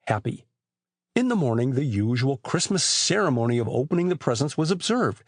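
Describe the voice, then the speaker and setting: Expressive male audiobook narrator. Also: medium pitch, husky, no room sound, clean studio sound. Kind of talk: scripted narration.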